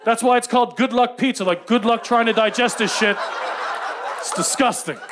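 High-voiced brash comic. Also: male voice, moderate pace, background noise. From Canada. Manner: brash, profane storytelling. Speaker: stand-up comedian. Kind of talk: stand-up comedy.

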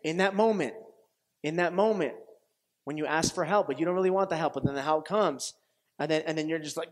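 A man preaching a sermon as pastor, telling stories with lively acted-out quotes and frequent laughter, often restarting phrases and checking with his audience. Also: on the high side, brisk. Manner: animated storytelling, acts out quoted voices, laughs often; repetitive restarts, asks audience questions.

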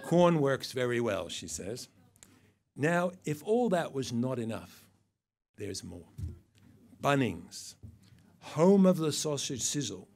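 A man's voice: mid-range voice, vocal fry, darkish tone. Dry, mocking older male presenter. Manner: dry, mocking, with wry asides and quotes. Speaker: awards presenter. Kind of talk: satirical awards speech.

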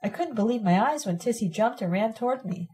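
Mellow-voiced woman reading a novel. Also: on the high side, fairly quick. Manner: calm, steady narration. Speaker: audiobook reader. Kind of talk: first-person novel reading.

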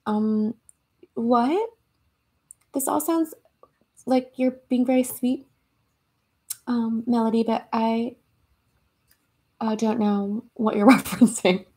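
A young American woman hosts a relaxed livestream from home, chatting with viewers. Her voice sits a little high. She giggles often and reads out comments as they come in. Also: slow, long pauses, breathy edge. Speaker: livestream host. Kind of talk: casual livestream chat reading comments. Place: her home in Los Angeles.

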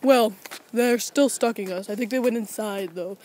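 Brief: young girl, high and bright, rambling mock-documentary host outdoors, faint outdoor hiss. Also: normal speed. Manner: giggly, dramatic, rambling. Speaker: vlog host. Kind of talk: playful mock nature documentary narration. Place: outdoors in a neighborhood.

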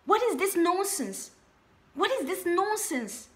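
A woman's voice: extremely high pitch, sing-song, slow. A young woman preaching a sermon, repeating her warnings and rhetorical questions with emphasis. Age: young adult.

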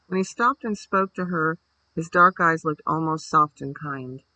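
A man reading a bedtime story aloud in a steady, measured way. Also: fairly high pitch, low-quality recording.

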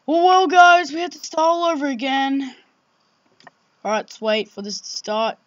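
High, jumpy voice of a woman gamer. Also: animated, normal speed, no echo, lo-fi sound. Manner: jumpy, exclaiming, swearing, frequent 'oh my God'. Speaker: let's play gamer. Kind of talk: horror game commentary. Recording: loud background noise.

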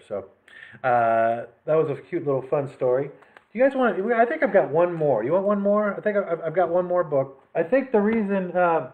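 Role: library story time host. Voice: animated man reading picture books. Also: fairly high pitch, normal speed. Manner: warm, animated reading with friendly asides. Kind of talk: picture book read-aloud for children. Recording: lo-fi phone-like sound.

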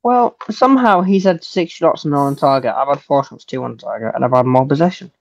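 A man's voice: medium pitch, lively intonation, brisk, creaky, no room sound. Sarcastic young man on a dull mic. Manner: dry, sarcastic teasing. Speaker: opponent in online game. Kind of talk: casual gaming banter.

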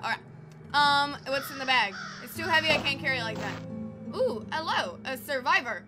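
A woman giving casual, excitable gameplay commentary, easily spooked and talking back to the game. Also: high voice, a little fast. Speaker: let's play gamer. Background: game music.

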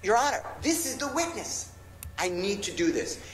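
A man's voice: high-pitched, very animated, moderate pace, roomy sound, faint music behind, poor audio. A male defense lawyer arguing insistently and passionately before a judge in a courtroom. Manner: impassioned, insistent pleading. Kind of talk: courtroom argument. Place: large courtroom.

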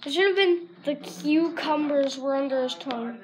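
A woman's voice: high-pitched, moderate pace, a crowd in the background. A woman vlogging in a casual, rambling way, jumping from topic to topic while talking into a camera. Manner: rambling, jumps between topics. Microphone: camera mic. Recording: loud background noise with clicks.

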